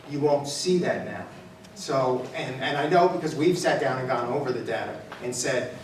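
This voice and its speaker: A man's voice: mid-range voice, slight background noise. A man, a police official at a public meeting, answering residents in an earnest, reassuring way and often repeating his words. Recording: echoey hall, distant mic.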